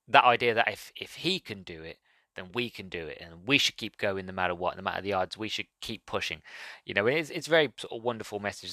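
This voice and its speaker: Male podcast host, casual rambling book review, eager and animated, bright edge, no room sound. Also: on the low side, no echo. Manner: enthusiastic, rambling, self-correcting.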